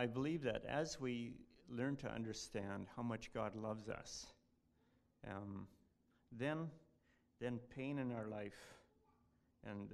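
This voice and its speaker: Earnest gravelly-voiced man at church. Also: medium pitch. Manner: earnest, halting delivery. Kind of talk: devotional talk, reading aloud.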